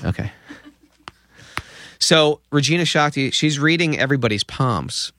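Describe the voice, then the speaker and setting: A man in his fifties, a podcast guest, telling an anecdote with lively acted-out quotes. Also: a little high, a little slow, no echo, studio quality. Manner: lively storyteller acting out quoted voices. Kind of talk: anecdotal storytelling.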